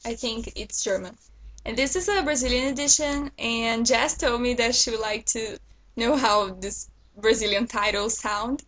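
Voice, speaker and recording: A woman's voice: fairly high pitch, fairly bright tone, poor audio. A woman vlogger chatting casually to her viewers about new books, enthusiastic and talkative. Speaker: book vlogger. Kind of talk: casual book haul chat to camera.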